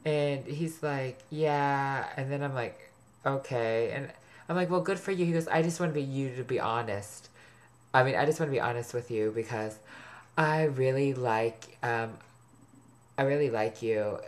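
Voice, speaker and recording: Man, vlogger, gossipy, sarcastic, swears a lot, rambling storytelling. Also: medium pitch. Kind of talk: rambling personal storytelling to camera.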